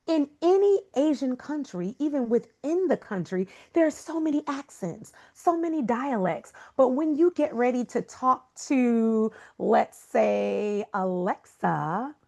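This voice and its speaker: A woman's voice: fairly high pitch, a little mellow. A woman guest speaker giving an emphatic, preacher-like motivational talk full of rhetorical questions. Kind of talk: motivational talk on a video call.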